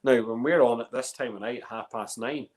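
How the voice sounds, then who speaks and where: A man's voice: medium pitch, moderate pace, a little mellow. A man with a Northern Irish accent hosting a whiskey tasting in casual, rambling chat full of fillers and restarts. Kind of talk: casual live-stream chat.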